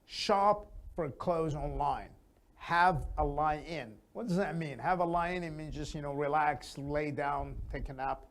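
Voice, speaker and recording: A man teaching an English conversation lesson, speaking deliberately and modelling lively intonation. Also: on the high side. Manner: slow, deliberate delivery that models expressive intonation.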